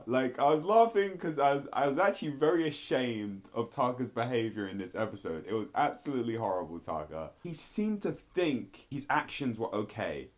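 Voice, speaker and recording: A man talks through a show review in an animated, outspoken way, his voice jumping sharply upward when he gets worked up. His pitch sits in an ordinary middle range, and he speaks bluntly, addressing the people he reviews directly. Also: moderate pace. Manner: animated, exclaiming, big pitch jumps. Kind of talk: casual commentary video.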